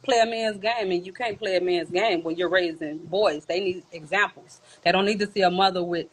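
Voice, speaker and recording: A woman's voice: on the low side, brisk, rough recording. A woman giving earnest, plain-spoken opinions in a casual chat. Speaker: guest.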